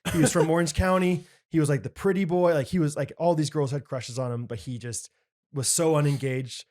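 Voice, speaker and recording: A man in his thirties with a slightly raised voice co-hosts a casual podcast. He tells stories with lively energy and jumps into bold voices for the people he quotes. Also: fairly high pitch, fairly quick. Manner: animated storyteller, acts out quotes loudly. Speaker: podcast co-host. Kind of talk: casual chat, storytelling.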